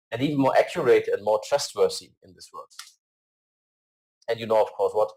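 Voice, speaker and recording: Halting man presenting slides, low voice. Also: a little mellow, poor audio. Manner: hesitant, many fillers and restarts; earnest.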